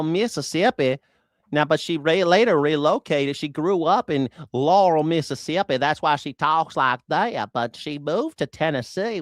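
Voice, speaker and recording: A man's voice: fairly high pitch, no room sound, clean studio sound. A man hosting a news reaction show, sarcastic and incredulous and swearing freely. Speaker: host.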